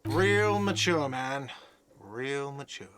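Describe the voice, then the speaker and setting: A man's voice: fairly high pitch, sing-song, moderate pace, fairly bright tone, no echo. A man voicing a whiny, defensive cafeteria manager in a game dub. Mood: indignant. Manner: defensive, indignant.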